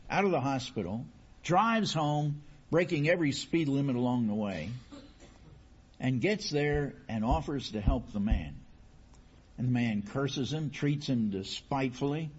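A man's voice: medium pitch, a little slow, husky, muffled recording. A man preaching a sermon, telling a story and asking rhetorical questions with many restarts.

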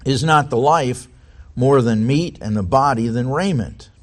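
A man's voice: mid-range voice, unhurried. A man preaching a sermon, reading scripture aloud and putting many rhetorical questions to the congregation.

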